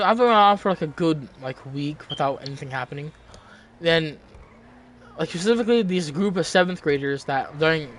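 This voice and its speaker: A young man telling a rambling, casual story from his school days, full of restarts and fillers. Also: a little high. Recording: noticeable background noise.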